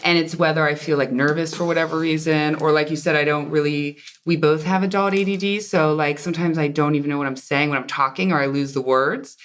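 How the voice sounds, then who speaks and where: A woman with a low voice hosts a casual podcast from her salon. She talks in an eager, rambling way, full of enthusiasm for her guest. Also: steady tone, a little fast, hardly any pauses. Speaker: podcast host and hairstylist. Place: hair salon.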